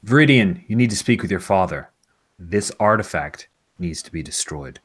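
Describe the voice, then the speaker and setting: A man playing a stern, authoritative older official in a tabletop game, speaking gravely and with command. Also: lively intonation, normal speed, heavily acted. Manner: grave, commanding, lower and quieter.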